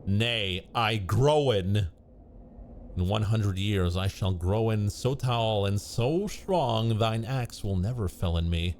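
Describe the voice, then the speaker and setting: A man voicing a solemn talking tree in a game, speaking slowly in an old-fashioned thee-and-thou style. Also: lowish voice, animated, a little mellow, slight background noise, voice pushed down. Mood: defiant.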